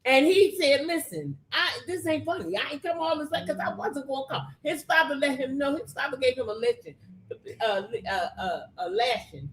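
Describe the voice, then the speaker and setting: A woman's voice: sits high, lively intonation, normal speed, roomy sound, slight background noise, low-quality recording. A woman co-hosting a casual show recap, giving emphatic opinions. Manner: chatty, emphatic commentary. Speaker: co-host.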